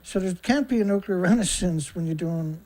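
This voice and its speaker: A man hosting a show, chatting on a call with quick interjections and restarts in a casual, conversational way. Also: high voice, mellow. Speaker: show host. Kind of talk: casual phone talk.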